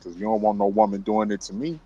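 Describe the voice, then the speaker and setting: A man's voice: lowish voice, fast talker, warm tone, no room sound, dull audio. A man calling in to a casual online talk stream and answering in a laid-back, hesitant way. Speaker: caller. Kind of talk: casual chat.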